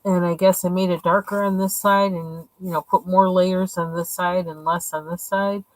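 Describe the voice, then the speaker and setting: Low-voiced woman chatting casually. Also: fairly even intonation, normal speed, no room sound, low-quality recording. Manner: chatty, rambling, thinking aloud. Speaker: coloring channel host. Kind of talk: casual show-and-tell.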